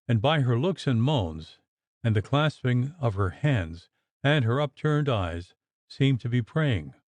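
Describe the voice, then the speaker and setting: A man narrating a gothic audiobook in a measured, expressive storytelling manner. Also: medium pitch, dry recording.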